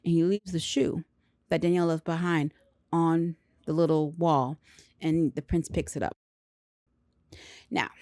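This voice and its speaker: A woman casually recapping a film with lots of slang and quick acted-out character lines. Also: lowish voice, no room sound, clean studio sound. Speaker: movie reviewer.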